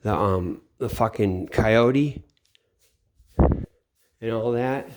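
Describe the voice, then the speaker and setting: A man's voice: on the low side, drawn-out words, background noise. Rambling, profane middle-aged man. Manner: rambling, profane, trailing off into mutters. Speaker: channel host. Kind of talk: late-night rambling monologue. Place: home at night.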